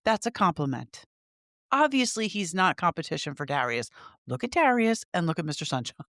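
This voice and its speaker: A woman's voice: lowish voice, big pitch swings, a little fast, a bit bright, no room sound, studio quality. A woman co-hosting a podcast, talking in an opinionated, emphatic way about a reality show. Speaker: podcast co-host. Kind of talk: casual chat.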